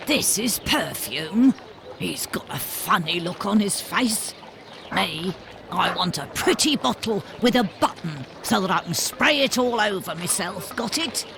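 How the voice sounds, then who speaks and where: A woman's voice: mid-range voice, lively intonation, a little slow, vocal fry, noisy background. An actress voicing a brassy, chatty working-class woman who calls people dearie, in a game.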